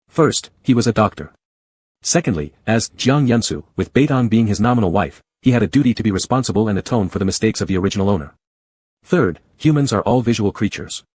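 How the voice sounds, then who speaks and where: Low husky male narrator. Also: lively intonation, fairly quick, a little mellow, dry recording, clean studio sound. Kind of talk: scripted story narration.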